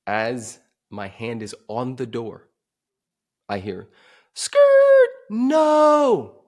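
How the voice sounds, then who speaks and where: Guy with a lowish voice, podcast guest telling an intense story, gets loud then goes quiet. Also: steady tone, slow. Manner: intense, swings from emphatic to hushed. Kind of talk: dramatic personal storytelling.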